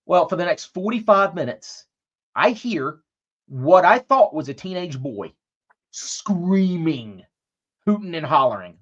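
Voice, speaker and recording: A man's voice: high-pitched, big pitch swings, measured pace, a bit bright, highs cut off. A man co-hosting a podcast, telling a long story in a loose, profane way and acting out what people said. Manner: profane, rambling anecdote with acted-out quotes. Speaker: podcast co-host. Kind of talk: casual storytelling chat.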